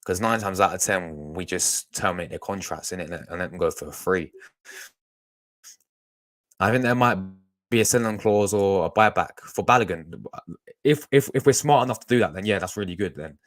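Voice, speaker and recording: A man's voice: low-pitched, normal speed, fairly bright tone. A young man, chatting casually to his live-stream audience as a fan channel host, rambling with lots of restarts. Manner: rambling, chatty, talks to chat, restarts a lot.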